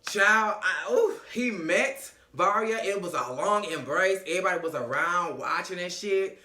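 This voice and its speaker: Sassy, bright-voiced man recapping reality TV. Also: sits high, normal speed, reverberant. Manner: sassy and animated, acts out the characters' lines. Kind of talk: comedic recap vlog.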